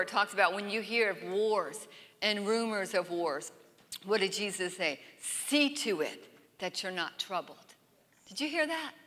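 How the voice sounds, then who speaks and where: A woman with a bright, forceful, fairly high voice preaches a sermon, emphatic and insistent, slowing down to draw out scripture lines and asking the room to repeat them. Her voice rings out with a long reverb in a church sanctuary.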